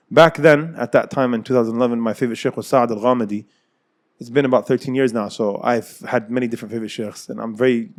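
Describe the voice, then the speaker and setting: Brief: man, 30s, rapid storyteller, mid-pitched, circles back on phrases. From United States. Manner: fast, repeats and rephrases phrases. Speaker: Islamic scholar, guest. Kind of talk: personal storytelling in interview.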